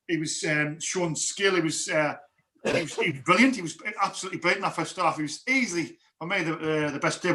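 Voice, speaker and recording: Bright-voiced guy rambling about football on a fan stream, lots of restarts. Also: high-pitched. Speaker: fan co-host. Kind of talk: casual football chat.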